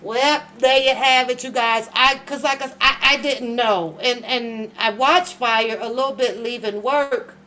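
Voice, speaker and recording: A woman's voice: a little high, steady tone, unhurried, few pauses, bright, forceful tone, rough recording. A woman hosting an online commentary show, ranting in a heated, profane, rambling way. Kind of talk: casual reaction commentary.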